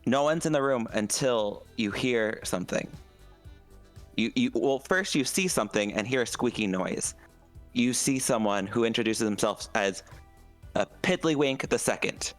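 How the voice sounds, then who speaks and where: A man's voice: mid-range voice, moderate pace, soft background music. A man running a tabletop game as game master, narrating the scene in a playful, dramatic way full of puns.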